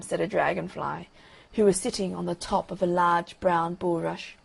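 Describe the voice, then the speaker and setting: A woman narrating a bedtime story, reading in a calm, even way. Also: lowish voice, normal speed, vocal fry, breathy edge, poor audio.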